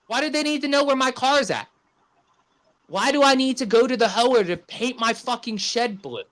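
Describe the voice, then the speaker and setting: A man's voice: very high-pitched, a bit bright. A man co-hosting a casual podcast, ranting with profanity and a string of rhetorical questions. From Arizona. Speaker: podcast co-host.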